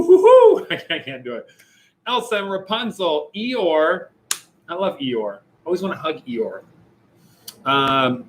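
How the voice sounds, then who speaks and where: A man's voice: fairly high pitch, pushed and bright, low-quality recording. A young man and youth pastor chatting casually and jokingly with viewers on a livestream. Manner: jokey, playful, chatty with viewers.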